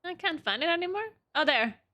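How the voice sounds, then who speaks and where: A woman's voice: extremely high pitch, expressive, brisk, sharp tone. A young woman with a German accent, a native German speaker, chatting casually with viewers on a live stream and laughing often.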